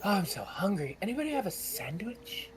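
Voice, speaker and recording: A man voicing a flustered male halfling librarian, pitched high and breathless. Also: big pitch swings, brisk, poor audio.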